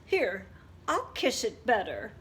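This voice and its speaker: A woman's voice: mid-range voice, huge pitch swings, slow, a little hiss or hum. A woman voicing a kind but fretful male raccoon, speaking in an anxious, apologetic way. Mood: worried.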